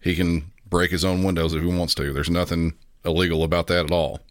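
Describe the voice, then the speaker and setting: Deep low guy calmly walking through a true crime case, pretty monotone, dry close sound. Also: brisk, no room sound. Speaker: podcast host. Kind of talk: scripted true-crime narration.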